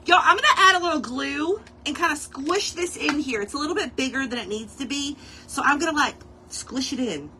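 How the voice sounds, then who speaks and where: A woman's voice: high-pitched, lively intonation, fairly quick, few pauses, pushed and bright, slight background noise. A woman hosting a casual craft tutorial, chatting playfully with her viewers as she works. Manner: playful, chatty, talks straight to viewers and chat, laughs often.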